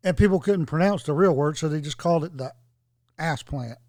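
A man's voice: on the high side, brisk, darkish tone, no echo. Joking, rambling man on a dry mic. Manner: rambling, jokey, digressive storytelling. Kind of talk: casual podcast chat.

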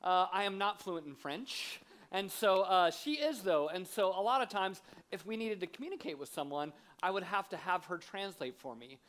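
A man, a guest preacher giving a sermon in a church, lively and self-deprecating as he acts out funny stories. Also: high-pitched, moderate pace, few pauses. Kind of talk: sermon with humorous storytelling. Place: church sanctuary.

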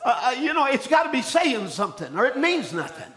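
A man delivering a fiery sermon in a very high, bright, forceful voice. He shouts his points, breaks into call-and-response with the congregation, and often restarts and repeats phrases as he builds. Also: very animated, a little fast. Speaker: preacher.

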